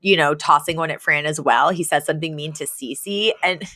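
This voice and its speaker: Chatty woman, low voice, dry sound. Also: brisk, pushed and bright, no room sound. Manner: chatty, many "like" fillers, laughs often. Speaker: podcast co-host. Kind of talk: casual chat recapping a sitcom.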